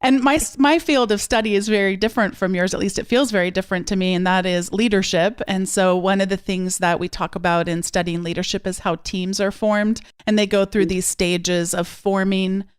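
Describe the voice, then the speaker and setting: A woman hosts a teaching podcast, musing aloud with soft laughs between phrases. Her voice is mid-pitched and recorded close and dry. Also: fairly even intonation, a little fast, hardly any pauses, clean tone, no room sound. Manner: reflective, laughs between words. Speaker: podcast host. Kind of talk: interview conversation.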